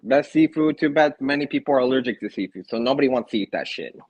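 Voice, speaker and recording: A man's voice: mid-range voice, lively intonation, quick pace, darkish tone, no echo. A young man from Minnesota, a podcast co-host, firing back defensive, snappy comebacks in heated sports banter.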